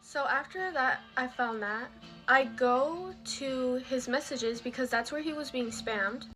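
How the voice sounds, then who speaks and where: High-voiced woman over music. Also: measured pace, pushed and bright, poor audio. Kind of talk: casual storytime monologue. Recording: music playing clearly behind.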